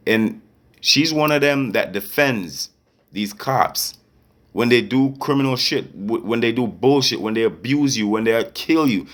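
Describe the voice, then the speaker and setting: A man's voice: medium pitch, fairly bright tone. A man in an angry, confrontational rant to camera as a vlogger, repeatedly checking that listeners follow him. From Canada. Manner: confrontational, repeats "you get me".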